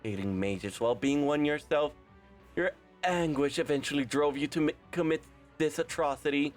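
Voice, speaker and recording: A young man reading a game's story aloud and voicing every part, animated and quick to correct his own slips. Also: fairly high pitch, soft background music. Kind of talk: game script readthrough, voicing all parts.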